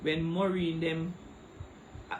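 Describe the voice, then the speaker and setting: A woman's voice: low voice, little pitch movement, slow, a little mellow, slight background noise, low-quality recording. A middle-aged woman with a Jamaican accent, speaking Patois in a heated, tearful livestream rant, calling out viewers by name into a phone. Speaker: social media livestreamer.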